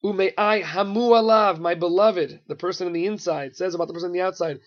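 A man with a high, bright-pitched voice leads a Torah class, explaining with animated rhetorical questions and Hebrew terms. The recording is muffled and lo-fi. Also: brisk. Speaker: Torah teacher.

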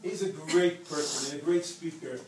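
A man's voice: a little high, normal speed. Guy telling a story to a crowd, big echoey hall, mic far off, bit of hiss. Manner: animated storyteller who repeats phrases for emphasis. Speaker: speaker addressing an audience. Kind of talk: storytelling talk.

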